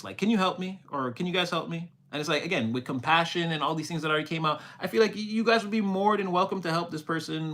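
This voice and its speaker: Young guy with a slightly high voice, streaming a loose, rambling spiritual reading. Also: a bit bright. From Canada. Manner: rambling, repeats himself, exclaims "wow". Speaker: livestream spiritual reader. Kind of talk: casual livestream reading and chat.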